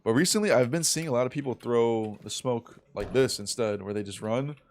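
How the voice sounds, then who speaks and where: A man's voice: medium pitch, brisk, a little mellow. A young man chatting casually on a live game stream, telling a rambling story full of slang and swearing. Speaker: streamer and competitive gamer.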